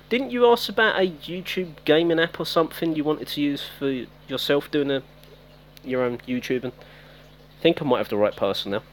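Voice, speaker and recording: A man's voice: a little high, a bit bright, a little hiss or hum. A man giving casual live-stream commentary on a mobile game, chatting with viewers by name. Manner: chatty, talks to viewers by name, self-teasing.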